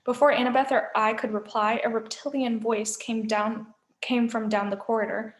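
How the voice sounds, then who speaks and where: A woman, a teacher, reading a novel aloud with expressive storytelling. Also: on the high side, moderate pace. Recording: echoey room.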